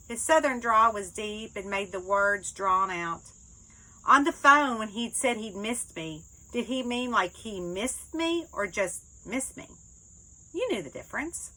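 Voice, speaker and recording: A woman author narrating her own novel in the first person, with lively, expressive storytelling. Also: on the high side, moderate pace, low-quality recording. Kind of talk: first-person book reading.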